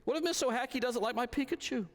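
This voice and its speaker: A man voicing a sleepy, worried little girl at bedtime, with a small squeaky voice and soft, plaintive questions. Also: fast talker, long reverb tail.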